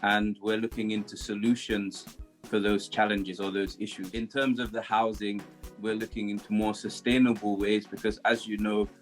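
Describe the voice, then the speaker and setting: Man with a British accent for a guest interview spot: lowish, calm, measured, fairly monotone delivery, faint music underneath. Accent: British English. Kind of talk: casual interview.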